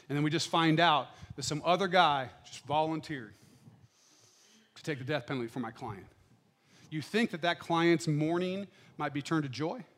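A middle-aged man preaching a sermon in a church, swinging between loud, fervent declarations and quiet, intimate asides. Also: on the high side.

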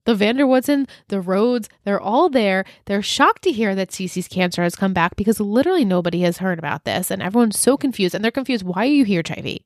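A woman in casual podcast chat, recapping a drama and slipping into the characters' lines. Her pitch sits mid-range, and the close mic sounds dry with no room in it. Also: lively intonation, no room sound. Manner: chatty, quotes characters in quick asides, frequent "like". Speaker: podcast co-host.

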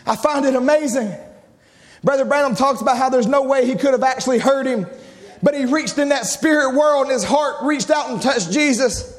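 A pastor preaching a fiery sermon, urging his listeners on with impassioned shouts. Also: very high voice, normal speed.

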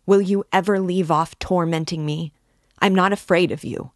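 A woman's voice: low-pitched, slow pace, no echo, clean studio sound. A woman reading as a feverish, furious young man. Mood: frenzied. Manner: bitter and frenzied.

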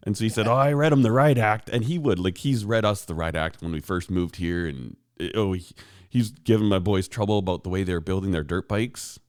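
A deep-voiced man, brisk and darkish yet clean in tone, co-hosts a casual podcast from a rural home shop. He tells a long rambling story, acting out the people in it, including a quoted neighbor. The studio sound is clean, with no room sound.

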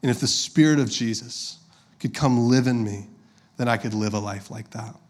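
A man's voice: medium pitch, normal speed. A man, preaching a sermon as a pastor in a conversational, storytelling way and addressing the congregation directly.

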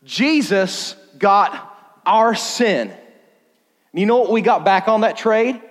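A man giving a sermon to a young crowd, animated and jokey, with sudden loud bursts of emphasis. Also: high-pitched, slow pace. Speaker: youth pastor. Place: church hall. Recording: long hall reverb.

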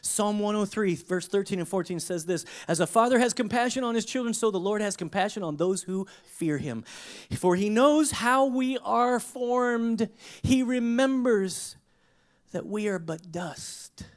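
A man preaching a sermon in a conversational way, full of rhetorical questions, with emphatic bursts that drop into hushed low asides. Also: expressive, unhurried. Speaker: pastor.

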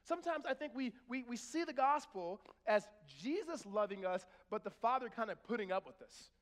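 A man's voice: extremely high pitch, moderate pace, long reverb tail. A middle-aged man preaching a sermon in church, talking in a conversational way and acting out little scenes. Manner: conversational, animated storytelling with acted-out voices. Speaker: pastor.

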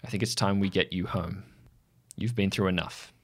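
A man voicing a composed woman swordfighter who speaks in a measured, quietly commanding way. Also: low voice, fairly even intonation. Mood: steady.

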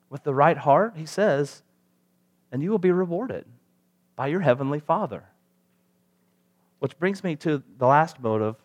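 A male pastor preaching a sermon in a conversational way, asking the congregation rhetorical questions. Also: medium pitch.

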